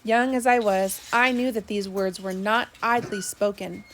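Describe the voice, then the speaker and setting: A woman narrating a first-person sea story, steady with small slips. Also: medium pitch, a little slow, slight background noise. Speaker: audiobook narrator.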